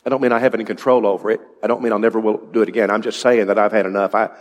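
A man's voice: lowish voice, steady tone, racing. A male preacher giving an evening sermon in a conversational way, asking his congregation questions. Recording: long reverb in a large hall.

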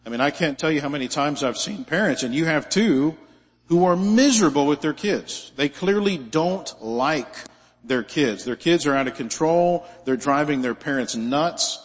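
A man's voice: on the high side, animated, normal speed. Conversational male preacher in a hall. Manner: conversational, with asides and rhetorical questions. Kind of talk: sermon.

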